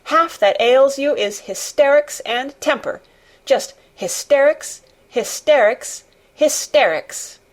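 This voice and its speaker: A woman's voice: fairly high pitch, expressive, a little slow, few pauses, breathy edge. A woman voicing a fierce, scolding little girl in an audiobook reading. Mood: furious. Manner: scolding, commanding. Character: furious bossy little girl, fierce and stamping.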